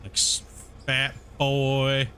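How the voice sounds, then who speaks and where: A man streaming a game, chatting casually with his viewers in a relaxed, rambling way full of fillers. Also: mid-range voice, very slow, a little hiss or hum. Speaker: gaming streamer. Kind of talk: casual chat with live viewers while playing.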